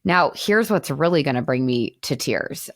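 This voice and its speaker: A woman in her thirties hosting a podcast, talking in an animated, emphatic way and at times near tears. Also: deep voice, moderate pace, no echo, studio quality. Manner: animated, emphatic, tearful at moments. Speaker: podcast host. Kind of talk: emotional podcast monologue.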